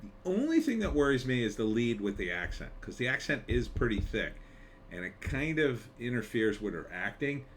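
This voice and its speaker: A screenwriter giving a rambling, conversational trailer reaction, full of fillers and wry asides. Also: male voice, mid-range voice, very animated, normal speed, a little hiss or hum. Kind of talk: casual commentary.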